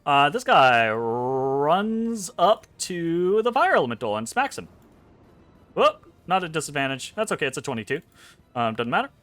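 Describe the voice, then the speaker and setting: Lively, bright-voiced game master. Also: male voice, on the high side, moderate pace, soft background music. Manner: animated, profane, lots of ums. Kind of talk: narrating a tabletop game.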